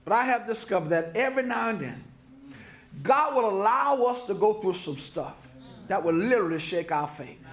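A man's voice: sits high, lively intonation, normal speed, a bit bright, echoey room. A man preaching a sermon, passionate, with repetitions and stammered restarts. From New Orleans, USA. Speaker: pastor. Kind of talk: sermon lecture. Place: lecture hall.

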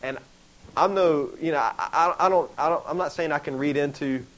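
A young man preaching a sermon in a casual, animated way, acting out the voices he quotes. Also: on the high side, moderate pace, rough recording. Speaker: pastor.

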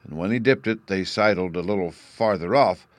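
A man reading a classic novel aloud as narrator, in a measured storytelling manner. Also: low-pitched, no room sound.

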